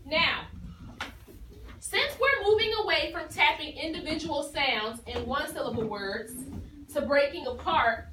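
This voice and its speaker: A woman's voice: high voice, animated, measured pace, background noise. A woman teacher leading a phonics lesson, patiently asking questions and repeating the pupils' answers. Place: classroom. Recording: echoey classroom from far off.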